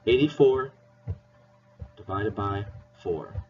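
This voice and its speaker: A man's voice: lowish voice, slow, distant mic, soft background music. A male teacher giving a playful, encouraging math lesson to children. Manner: encouraging, playful, spells words out. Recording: dull lo-fi recording with faint hiss.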